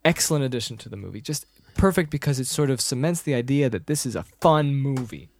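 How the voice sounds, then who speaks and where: A man in a casual movie commentary chat, animated, humming the score and acting out bits of dialogue. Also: medium pitch, fast talker, gravelly, no room sound. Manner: animated, hums movie music and acts out lines.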